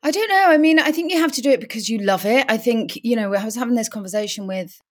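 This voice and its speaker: A woman's voice: a little high, lively intonation, quick pace. A woman from North Wales, a tired actress guest on an interview podcast, talking candidly and going off on tangents with self-deprecating asides. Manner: reflective, rambling, self-deprecating.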